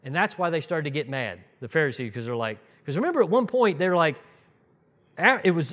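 A man delivering a casual, storytelling sermon to his congregation. His voice sits a little high for a man, and he talks in an animated way, restarting sentences and slipping into the voices of the people in the story. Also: fairly quick. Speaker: preacher teaching the congregation. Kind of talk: conversational sermon with Bible storytelling.

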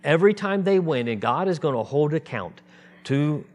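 Guy preaching a sermon, animated, does little voices for the people in his story. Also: on the high side, normal speed. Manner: animated, acts out voices in quotes.

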